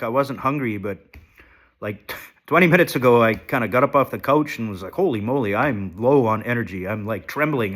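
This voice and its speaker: A man's voice: medium pitch, a bit bright. Guy sick n shaky, stuffy nose, rambling sweary phone vlog, kinda down on himself. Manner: rambling, sweary, self-deprecating. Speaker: vlogger. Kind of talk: casual confessional vlog. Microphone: handheld phone.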